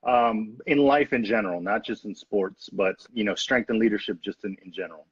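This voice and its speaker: A man hosting an interview in a relaxed way, reading out viewer questions. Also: lowish voice, fairly quick, husky, no room sound. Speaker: interview host. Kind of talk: casual interview. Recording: dull, dry lo-fi mic.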